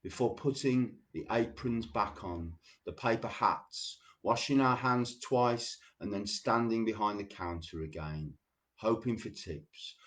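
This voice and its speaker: A man hosting a show, reading poems slowly and deliberately and chatting loosely between them. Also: on the low side. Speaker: radio show host. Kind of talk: poetry reading with casual asides.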